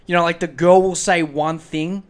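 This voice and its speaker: A man's voice: a little high, steady tone, normal speed, smooth. An Australian man hosting a podcast in a profane, rambling comedic rant. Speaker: podcast host.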